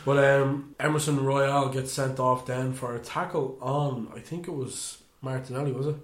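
Man, animated football chat, echoey room. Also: moderate pace. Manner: animated, mimics players with sudden high voices. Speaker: podcast co-host.

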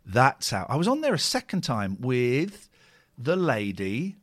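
This British man in his forties has a medium-pitched voice that swoops wildly up and down, though his pace stays measured. Reacting to old clips of himself on a live stream, he chats jokily and sardonically, rambling with repetitions.

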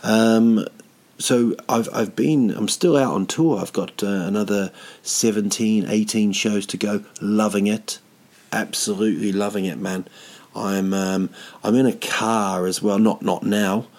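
A touring comedian sits indoors at home, rambling casually in a fairly low, darkish voice with fairly even intonation and a measured pace. He hesitates often with ums and pokes fun at himself in a dry way.

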